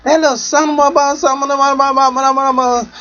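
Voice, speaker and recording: A frantic woman in trouble, shrieking high and tumbling over her words as she stammers out what happened, as a man puts her on. The sound is dull and lo-fi, like a live web stream. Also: flat delivery, sharp tone, faint music behind. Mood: furious. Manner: shrill, rapid, repeating words. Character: distraught angry young woman, cursing and crying.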